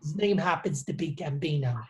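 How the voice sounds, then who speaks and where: A man's voice: on the high side, brisk, a little mellow. A man co-hosting a casual talk, who often repeats words as he searches for what to say. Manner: hesitant, repeats words while searching for them. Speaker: co-host, PR professional. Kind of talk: casual conversation.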